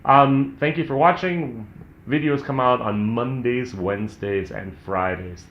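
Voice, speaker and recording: A candid American man talks through a whisky tasting in a relaxed, chatty way, thinking aloud as he goes. His voice sits at an ordinary middle pitch. The room rings noticeably around him, and the sound is slightly dull. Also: measured pace, roomy sound, slight background noise. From United States. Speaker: whisky reviewer, channel host. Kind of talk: casual tasting review.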